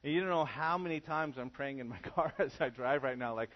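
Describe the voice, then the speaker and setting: A man's voice: mid-range voice, fairly quick, dull audio. A man preaching a sermon to a congregation in a church, casual and conversational in how he talks. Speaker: pastor.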